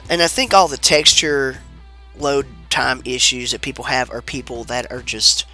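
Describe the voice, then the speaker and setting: A man's voice: mid-range voice, moderate pace, bright, forceful tone, soft background music. A man with a sick-sounding voice, giving laid-back, rambling commentary over a video game, swearing casually. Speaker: let's play commentator.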